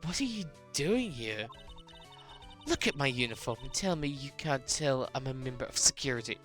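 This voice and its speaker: A New Zealand streamer voicing a cranky, nosy elderly woman security guard while reading game dialogue aloud, scolding in rapid-fire bursts. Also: medium pitch, lively intonation, fairly bright tone, faint music behind, close to an everyday voice. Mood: bossy.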